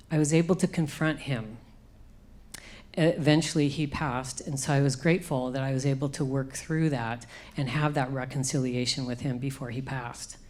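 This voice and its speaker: At a conference, a middle-aged woman shares an emotional personal testimony, acting out the words she once spoke. Her voice sits low with a slightly mellow quality.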